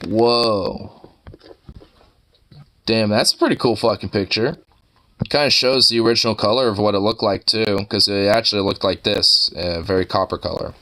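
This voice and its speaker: A man's voice: lowish voice, normal speed, bright, forceful tone. A man giving casual, rambling commentary while browsing online posts, full of profanity and filler.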